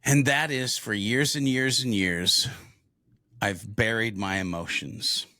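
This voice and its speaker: Middle-aged male podcast co-host, earnest and reflective, unhurried delivery, crisp dry close-mic sound. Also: on the low side, fairly even intonation, bright, forceful tone, no echo. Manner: earnest, reflective, builds to emphatic thanks. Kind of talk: casual conversational podcast. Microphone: video podcast camera with close mic.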